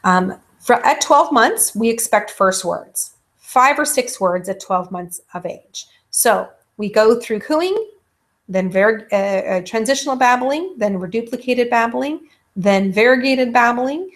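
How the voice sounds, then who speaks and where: A woman's voice: on the high side, lively intonation, unhurried. A woman giving a recorded lecture, with many ums, who stops to act out baby sounds herself.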